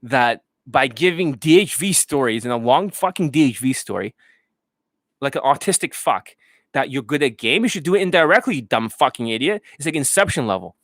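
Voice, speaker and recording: A man's voice: mid-range voice, lively intonation, fairly quick, no room sound, clean studio sound, pitched above the performer's own voice, close to an everyday voice. A man doing an impression of a furious male dating coach who swears and insults his students. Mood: scornful. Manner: yelling, profane, insulting.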